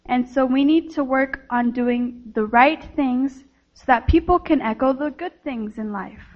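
A woman's high, gentle voice tells a children's sermon like a story, spoken directly to the children at an unhurried pace. The audio is slightly dull and lo-fi.

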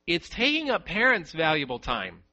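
Animated, bright-voiced man preaching a sermon. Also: fairly high pitch, moderate pace, muffled recording. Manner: emphatic, repeats key words for stress.

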